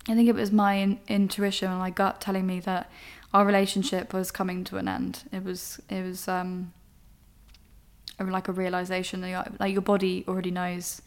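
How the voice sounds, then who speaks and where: A woman's voice: medium pitch, completely flat delivery, moderate pace. A young woman, a podcast host candidly telling a personal story in an emotional, rambling way. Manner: emotional, rambling, frank with swearing.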